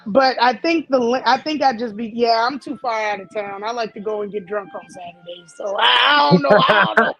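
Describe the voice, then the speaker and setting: A young woman with a high voice chats in loose slang, drawling and cutting in often. Crowd noise hums behind her. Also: fairly quick, hardly any pauses, lo-fi sound. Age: young adult. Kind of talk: casual chat.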